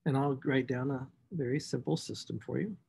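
Creaky and husky, a mid-range male voice moves a little fast through a recorded math lecture. The instructor narrates equations to himself as he writes, with lively emphasis on key words.

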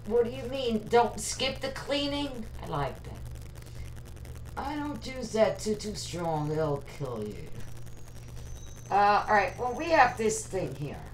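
A woman's voice: a little high, expressive, measured pace. Hesitant woman in an echoey kitchen. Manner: hesitant, many ums, reads and answers viewer comments. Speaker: vlogger. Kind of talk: casual livestream chat. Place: home kitchen. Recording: echoey kitchen, distant mic, faint hum.

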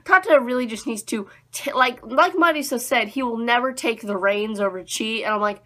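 A woman's voice: fairly high pitch, a little fast, few pauses, pushed and bright. A young woman chatting casually through an anime episode review, rambling and acting out her own reactions.

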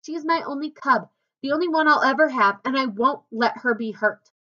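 A woman's voice: high-pitched, brisk, pushed and bright, dull audio. A woman voicing a frightened, fiercely protective mother yeti in a storybook reading, speaking urgently. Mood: desperate. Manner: pleading, urgent.

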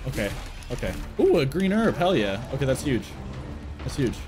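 A young man giving live gameplay commentary as a streamer, swearing often and shouting at enemies. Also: medium pitch, moderate pace. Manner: animated, swears a lot, laughs and shouts at enemies. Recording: game music in the background.

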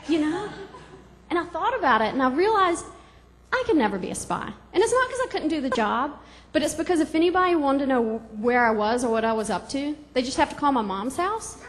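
Bubbly high-voiced woman comic. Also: long reverb tail, slight background noise. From Georgia, US. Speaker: stand-up comedian. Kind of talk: stand-up comedy. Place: comedy club stage.

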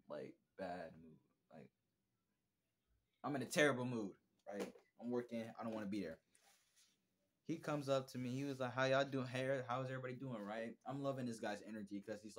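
A man's voice: mid-range voice, a little mellow. A young man telling a rambling, candid story in a casual vlog, full of slang and repeated bro and bruh. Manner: self-reflective, candid. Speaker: vlogger.

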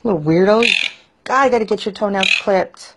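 A woman's voice: mid-range voice, a little fast, very noisy. A woman filming her pet parrots at home, talking to them in sing-song baby talk. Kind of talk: casual talk to pet birds. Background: squawking parrots.

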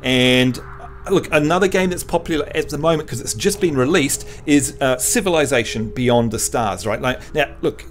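A man's voice: mid-range voice, normal speed. A man hosting a casual game livestream, joking with his chat and teaching the basics. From New Zealand. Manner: chatty, jokey, teasing the chat. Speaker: livestream host.

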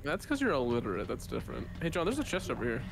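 Gravelly, lively man gaming over loud noise, rambling and profane. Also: mid-range voice, very fast. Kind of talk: casual gaming chat. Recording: noisy mic with game sounds. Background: loud game noise.

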